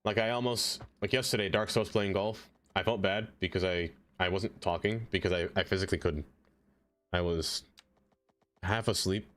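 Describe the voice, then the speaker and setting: A man's voice: low voice, steady tone, moderate pace, a bit bright. A young man from Brooklyn, rambling and joking as he reads chat on a casual gaming stream. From Brooklyn, New York.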